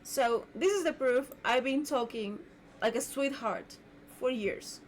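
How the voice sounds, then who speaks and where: A woman's voice: high voice, measured pace, a little hiss or hum. A woman hosting her own podcast, delivering an indignant, repetitive rant as a solo monologue. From Mexico. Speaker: podcast host.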